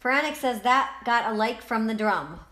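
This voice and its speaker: A woman's voice: a little high, animated, brisk, sharp tone. A young woman co-hosting a casual livestream, laughing often as she reads viewer comments aloud. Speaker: livestream co-host reading chat.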